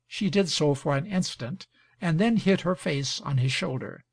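A man narrating a novel aloud in a measured, literary reading style. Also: on the high side, animated, slightly rough, no echo. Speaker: audiobook reader. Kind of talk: scripted narration.

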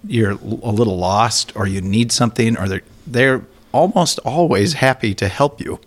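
A man's voice: mid-range voice, normal speed. A man who grew up between Minnesota and Wisconsin, co-hosting a casual podcast with wry, joking banter. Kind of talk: casual chat.

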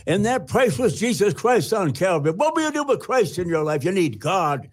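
A man's voice: sits high, sing-song, moderate pace, voice pushed up. A man imitating a fiery evangelist with urgent, emphatic pleading to a crowd.

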